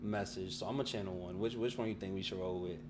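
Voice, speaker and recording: A man's voice: low-pitched, fairly even intonation, quick pace, background noise. A man co-hosting a casual chat podcast, teasing and joking with playful boasts. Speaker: podcast co-host.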